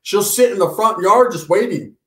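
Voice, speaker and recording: A man's voice: high-pitched, lively intonation, normal speed, fairly bright tone. Profane, laughing storyteller man, roomy sound. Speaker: podcast co-host. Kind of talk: casual storytelling chat.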